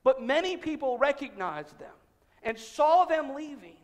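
A male pastor with a notably high voice delivers a conversational sermon, acting out little quoted exchanges and sinking to near-whispers on key lines. His words ring out in a church sanctuary, trailing a long, echoing reverb. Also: very animated, unhurried. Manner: conversational preaching with acted-out quotes, dropping to hushed emphasis.

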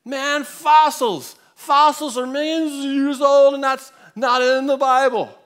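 A man putting on the voice of a loud, bombastic drunk man who shouts slowly and high. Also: fairly even intonation. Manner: shouting, slurred, drawn-out.

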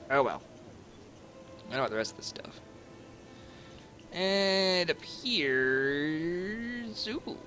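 Sarcastic crude game commentator, bright voice, unhurried. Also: male voice, fairly high pitch. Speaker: gaming video host. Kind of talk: casual gameplay commentary.

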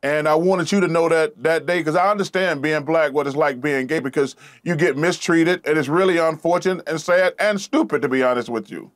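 A man's voice: fairly high pitch, brisk, few pauses. A man, a talk-show guest speaking earnestly and repeating words as he searches for them. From Alabama. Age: 50s.

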